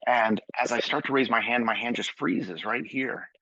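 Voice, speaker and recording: A man, a pastor, telling his personal testimony as a podcast guest in an animated way. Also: medium pitch, normal speed, creaky, lo-fi sound. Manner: animated, acts out dialogue.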